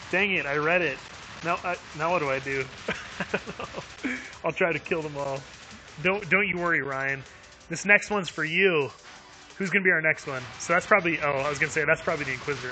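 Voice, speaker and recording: A man streaming a video game live, chatting upbeat with viewers, laughing often and using lots of fillers. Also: on the high side. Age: adult with young kids. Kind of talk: live gameplay commentary.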